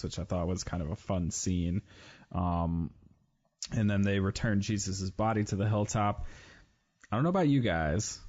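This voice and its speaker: A man's voice: on the low side, darkish tone, lo-fi sound. A man co-hosting a casual podcast chat, joking and laughing often. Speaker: podcast co-host.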